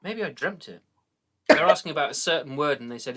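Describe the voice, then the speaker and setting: A man's voice: on the high side, expressive, fairly quick, sharp tone, breathy edge. A middle-aged man from Britain with a British accent, hosting a casual chat with jokey, rambling stories and frequent laughs. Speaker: host.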